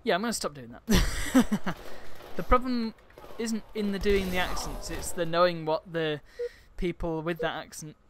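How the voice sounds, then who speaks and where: A man's voice: high voice, normal speed, hardly any pauses. A man with a Yorkshire accent gives casual, rambling gameplay commentary full of sarcastic asides. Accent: Yorkshire English. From Yorkshire, England. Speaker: game streamer. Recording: game audio and noise behind voice. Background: game ambience and gunfire.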